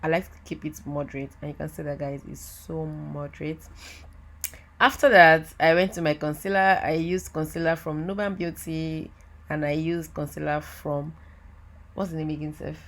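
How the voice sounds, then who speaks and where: A woman giving a chatty, excitable voiceover for a makeup tutorial, talking straight to her viewers. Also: low voice, normal speed. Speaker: makeup artist. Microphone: voiceover mic.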